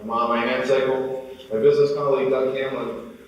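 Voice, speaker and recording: A man's voice: medium pitch, fairly quick, far from the mic, highs cut off. Man speaking in an echoey hall. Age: 40s. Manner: animated storyteller acting out dialogue. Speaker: motivational speaker. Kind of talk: storytelling keynote talk.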